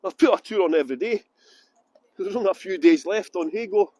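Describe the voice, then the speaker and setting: A man's voice: sits high, animated, brisk, a little mellow, dry recording. A middle-aged Scottish man giving a live walking tour on city streets, joking cheekily and greeting viewers, speaking into a phone on a gimbal. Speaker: tour guide. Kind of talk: livestreamed walking tour chat.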